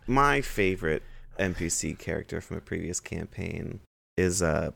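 Male game master, very low and heavily gravelly voice, blunt and emphatic in casual talk. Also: expressive, moderate pace, fairly bright tone. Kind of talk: casual chat.

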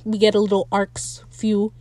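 A young woman hosting a casual, opinionated TV recap, blunt and animated and quick to laugh. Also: mid-range voice. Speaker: podcast host recapping a TV episode.

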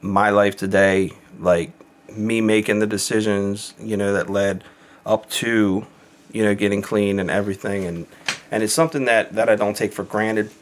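A man's voice: fairly low pitch, steady tone, normal speed, a little hiss or hum. A man talking casually and candidly, rambling with lots of fillers and occasional swearing. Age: adult with kids. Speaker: podcast guest in recovery. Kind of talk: casual chat.

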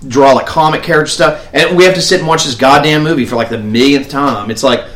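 A man's voice: a little high, fast, fairly bright tone, echoey room. A man co-hosting a podcast, chatting casually and profanely, often mimicking people in put-on voices. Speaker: podcast co-host. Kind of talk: casual chat.

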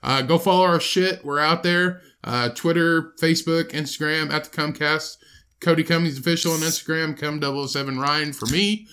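A man's voice: a little high, moderate pace, sharp tone. A young man co-hosting a podcast, telling rambling profane stories and signing off the episode. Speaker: podcast co-host. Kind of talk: casual podcast banter.

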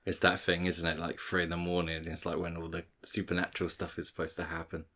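A man's voice: sits low, monotone, quick pace, pushed and bright. A man, co-hosting a podcast, hesitant in his stories and dropping dry quips. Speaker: podcast co-host. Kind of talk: casual podcast banter.

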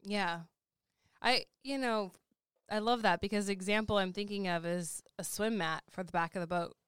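Clear-voiced woman chatting casually. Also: mid-range voice, moderate pace, fairly bright tone, no room sound, clean studio sound. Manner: laughs easily, trails off and lists things. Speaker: podcast co-host. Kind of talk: casual chat.

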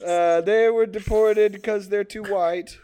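A man voicing a meek, apologetic male debt collector on the phone, with a put-on Swedish accent and a slow, higher voice. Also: fairly even intonation, dark tone, a little hiss or hum. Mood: sheepish.

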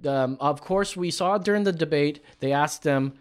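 A man's voice: on the high side, moderate pace, clean tone. A man who does comedy, co-hosting a casual podcast in a joking, provocative way.

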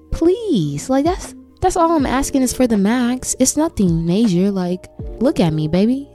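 A woman's voice: medium pitch, darkish tone. Young woman, aave, sassy podcast rant, swoops up and down a lot, bit of music under it. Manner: sassy, emphatic, repeats "baby" and "like". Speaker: podcast host. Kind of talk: candid solo podcast talk.

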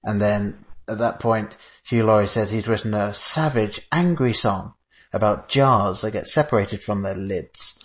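Podcast host, man, somewhat low voice, relaxed chatty storyteller. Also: measured pace. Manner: retells comedy sketches with quoted voices, chuckling. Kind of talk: casual film chat.

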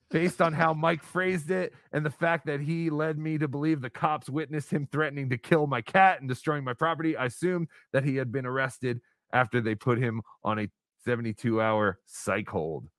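A man's voice: on the high side, normal speed, fairly bright tone, dry recording. Man, podcast host, casual rambling delivery, dry close sound. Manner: rambling, hesitant, with many fillers. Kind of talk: casual live-stream chat.

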